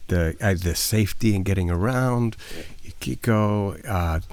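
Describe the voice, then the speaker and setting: Rambling, joking man, fairly low voice. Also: unhurried, a little mellow, clean tone. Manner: rambling and joking, many restarts. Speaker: tour guest. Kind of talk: casual group chat.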